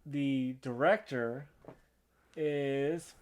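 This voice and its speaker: A man's voice: medium pitch, very slow. A man co-hosting a movie review podcast, chatting casually with a lot of restarts and fillers and an eager film-buff enthusiasm. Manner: rambling, many restarts and fillers. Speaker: podcast co-host.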